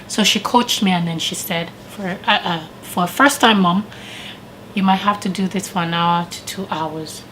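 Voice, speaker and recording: A woman vlogger casually telling a personal story with animated retellings and frequent laughter. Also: on the low side, normal speed, a little hiss or hum, rough recording. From living in Canada.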